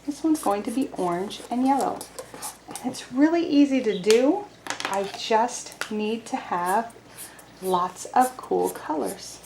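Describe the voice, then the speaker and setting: A woman teaching a video lesson to young children, speaking cheerfully, slowly and clearly. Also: fairly high pitch, lively intonation, a little mellow, reverberant, a little hiss or hum. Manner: cheerful, slow and clear, sings simple songs. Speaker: preschool teacher.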